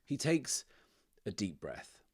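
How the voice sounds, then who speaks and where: A man with a very low voice spins out a tabletop adventure on his own. He paints the scene in loose, unhurried narration and muses aloud over each roll. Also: breathy edge. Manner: relaxed, descriptive storytelling that drifts into thinking aloud. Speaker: solo game master and host. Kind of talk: narrating a solo tabletop game.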